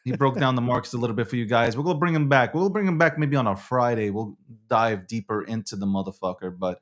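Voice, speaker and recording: A man's voice: mid-range voice, fast. A young man with a New York accent hosting a casual crypto news show, brash, profane and rambling. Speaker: show host.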